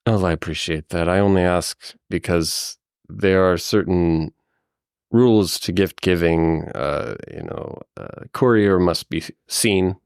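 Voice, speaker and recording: Solemn, courteous male woodland guide, voiced by a man, low clean voice, dry sound. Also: expressive, measured pace, creaky, a little mellow, clear, resonant tone, no room sound, heavily acted. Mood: grave, courteous. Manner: formal, respectful.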